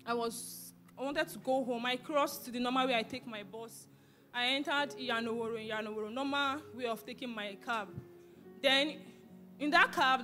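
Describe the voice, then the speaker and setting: A young Nigerian woman telling an animated personal testimony in church, slipping into Pidgin. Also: high voice. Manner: animated storytelling, switches into Pidgin. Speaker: church member giving testimony.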